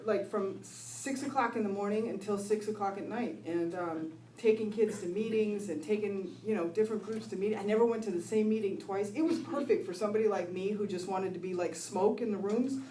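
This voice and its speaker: A woman's voice: mid-range voice, steady tone, a little fast, warm tone, slight background noise. A middle-aged woman telling her recovery story to an audience, laughing often and asking "right?" as she goes. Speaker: recovery speaker. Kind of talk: personal recovery talk to an audience. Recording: echoey room, voice from far off.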